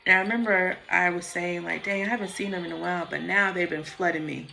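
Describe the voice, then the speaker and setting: A woman's voice: lowish voice, steady tone, fast, creaky, sharp tone. A woman talking casually and frankly into her phone about meditation and personal growth, swearing freely. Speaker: vlogger. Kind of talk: casual spiritual monologue.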